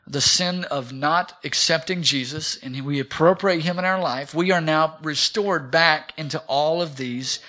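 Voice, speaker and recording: Brief: middle-aged man preaching, bright, a bit high, rousing, calls for amens. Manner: rousing, calls for amens, swings between loud and soft. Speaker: pastor. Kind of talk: sermon. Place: church sanctuary.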